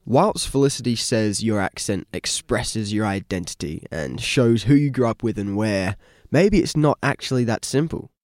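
A man's voice: fairly low pitch, expressive, normal speed, a little mellow, no room sound, clean studio sound. A man co-hosting a radio feature, reading scripted narration in a puzzled, inquisitive manner. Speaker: radio co-host. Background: music.

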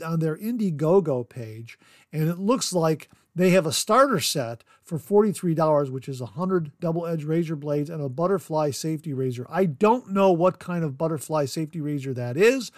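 A man's voice: fairly high pitch, no room sound, studio quality. Enthusiastic man hosting a podcast. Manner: enthusiastic, repeats words for emphasis. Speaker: podcast host. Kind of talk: casual product review chat.

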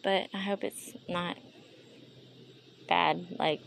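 A woman's voice: lowish voice, fairly even intonation, takes it slowly, vocal fry, slight background noise. A tired woman talking through an emotional, rambling podcast monologue with a Valley Girl-ish lilt, recorded on a handheld phone as she paces a yard at night. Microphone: handheld phone while pacing.

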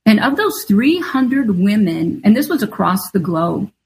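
A woman's voice: medium pitch, sing-song, unhurried, a little mellow, breathy edge, rough recording. A middle-aged woman, an author and guest, telling a personal story in an earnest, confessional way. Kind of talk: storytelling interview answer.

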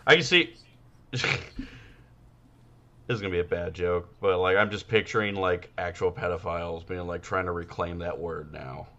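A man's voice: low voice, little pitch movement, brisk, hardly any pauses, fairly bright tone, dull audio. A man co-hosting a podcast, chatting crudely and rambling with many fillers. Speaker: podcast co-host. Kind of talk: casual comedic chat.

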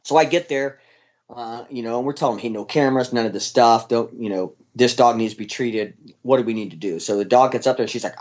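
A man's voice: mid-range voice, quick pace, darkish tone, highs cut off. A man, a former military dog handler, telling his story in an interview in a casual, blunt way with plenty of fillers and the odd swear.

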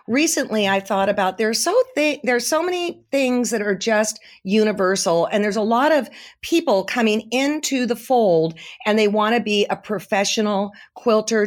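A woman's voice: mid-range voice, normal speed. A middle-aged woman, a quilting author, chatting as a guest and telling stories with frequent laughs. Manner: animated, laughing storyteller. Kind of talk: casual storytelling chat.

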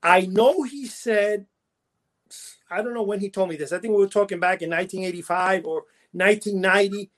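A man with a notably high speaking voice tells stories in a loose, rambling way. He restarts his sentences and laughs at his own stories while co-hosting a casual chat. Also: fairly quick, fairly bright tone. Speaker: podcast co-host.

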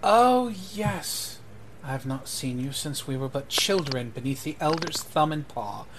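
A man's voice: mid-range voice, expressive, a little slow, noisy background. A man voicing a flustered, overwhelmed young male noble who stammers and swears when stressed. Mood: polite.

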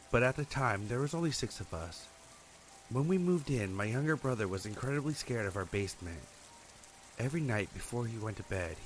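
A man reads out scary true stories in a dramatic, scripted way. His pitch swings widely as he builds tension. Soft rain patters faintly in the background. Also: slight background noise. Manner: dramatic, expressive storytelling. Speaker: horror story narrator. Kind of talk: scripted horror narration.

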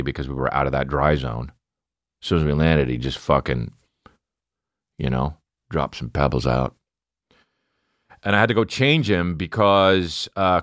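A man in his thirties, a comedian telling a rambling, profane story in casual chat, mumbling low one moment and shouting the next. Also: no room sound, clean studio sound. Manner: profane, animated, swings between mumbling and shouting.

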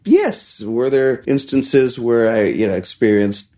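A middle-aged man from India, a chef and restaurant owner, telling stories in a casual interview, acting out quotes in a raised voice and laughing between lines. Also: a little slow. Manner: animated storyteller who acts out quotes in a higher voice and laughs between lines.

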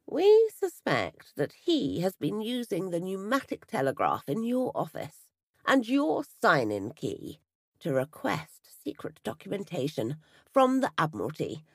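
A woman voicing a male police inspector with a nasal, slightly strangulated voice, speaking slowly and with measured reassurance. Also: lowish voice, breathy edge, no room sound, clean studio sound, full character voice. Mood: grave. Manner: slow, measured, falsely reassuring. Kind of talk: storybook reading.

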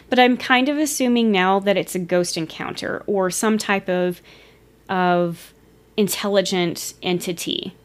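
Chatty woman telling a story, laughs a lot, kinda scattered. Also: mid-range voice. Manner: chatty, giggly, loses her place and laughs it off. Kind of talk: casual storytelling of a ghost encounter.

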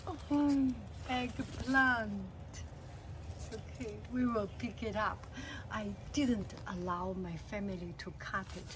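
Delighted woman, slow and gasping. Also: medium pitch, noisy background. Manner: gasping and delighted, repeats herself. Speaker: vlogger. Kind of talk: casual garden vlog. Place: home garden, outdoors.

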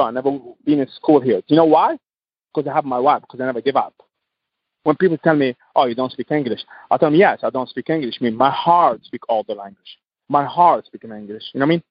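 Heard on a dull recording with no room sound, a man from Tunisia speaks with a slightly high voice that has a breathy edge. He's a guest entrepreneur on a podcast, passionate in his English and given to emphatic repetition.

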